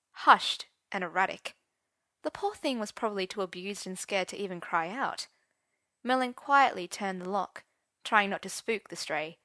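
Bright-voiced woman narrating a story. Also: mid-range voice, dry recording, studio quality. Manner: expressive, switching voices for characters. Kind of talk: audiobook narration of romance fiction.

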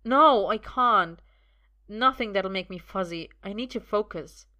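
A woman's voice: mid-range voice, unhurried, highs cut off, pitched above the performer's own voice, close to an everyday voice. A woman reading aloud, voicing a young male sorcerer who is weakened but stubborn, talking in a strained, joking way. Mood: weak wry. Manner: joking and strained, a little breathless. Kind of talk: audiobook reading.

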